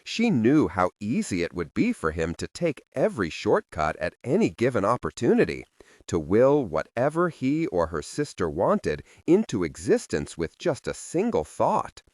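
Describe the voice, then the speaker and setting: A man narrating a dark fantasy audiobook in an expressive, scripted reading on a close studio microphone. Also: fairly low pitch, no room sound. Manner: expressive, wide-ranging reading.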